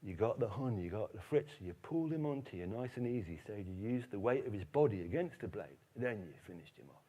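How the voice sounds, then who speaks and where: A man putting on a Cockney accent to voice an old commando veteran, matey and loud. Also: animated, brisk, breathy edge. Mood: chummy. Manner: matey, loud and high-pitched.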